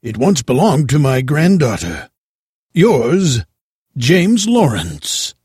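A man voicing a kindly, wealthy old gentleman in a storybook reading, speaking slowly and courteously. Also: medium pitch, very animated, husky, dry recording, studio quality, heavily acted. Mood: warm.

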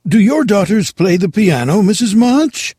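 A man doing a gentle old gentleman. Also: high-pitched, sing-song, measured pace, slightly rough, no echo, clean studio sound, pitched above the performer's own voice, exaggerated voice. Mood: kindly. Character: kindly wealthy old gentleman neighbor.

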